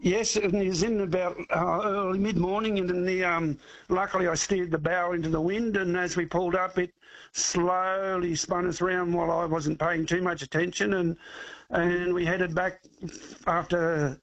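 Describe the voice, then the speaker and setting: A man calling in to a radio show, talking haltingly with many fillers and restarts. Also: high-pitched, little pitch movement, a bit bright, dull audio. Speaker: caller. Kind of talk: casual call-in chat.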